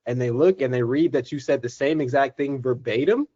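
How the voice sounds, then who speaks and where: A man's voice: medium pitch, a little fast, warm tone, lo-fi sound. A man casually giving earnest interview advice on a coaching call.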